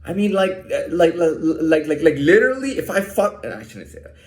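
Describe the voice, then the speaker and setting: A man's voice: a little high, sing-song, moderate pace, a little mellow, roomy sound. A man ranting in a heated, profane way, often stammering and repeating fillers as he talks. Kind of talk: casual rant.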